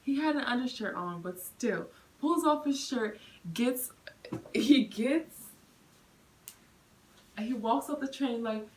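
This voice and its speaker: A woman's voice: fairly high pitch, takes it slowly, long pauses, slight background noise, poor audio. Chatty young woman telling a story. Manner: chatty, lots of fillers, animated retelling. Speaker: vlogger. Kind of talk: storytime vlog.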